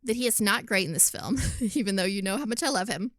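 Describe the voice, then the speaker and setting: A woman co-hosting a podcast, chatting casually about a film, animated, laughing often and swearing freely. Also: mid-range voice, fast, no echo. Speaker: podcast co-host. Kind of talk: casual film review chat.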